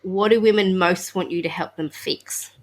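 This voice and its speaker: A woman's voice: fairly low pitch, moderate pace. A woman hosting a podcast interview, summing up her guest's work before asking thoughtful questions. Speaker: podcast host.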